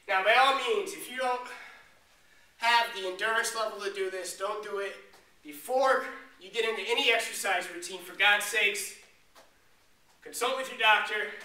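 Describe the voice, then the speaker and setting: A male fitness coach with a high, piercingly bright voice, talking through exercises with energy and a joking edge. He is recorded from a distance in an echoey room with faint background noise. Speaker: fitness trainer. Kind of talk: workout demonstration.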